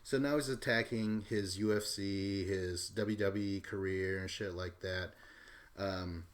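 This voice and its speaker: A man with a somewhat low voice hosts a podcast solo. He recaps in a loose, rambling way and tosses in offhand profanity. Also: steady tone, a little slow. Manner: rambling and offhand, swears casually. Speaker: podcast host. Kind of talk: casual recap commentary.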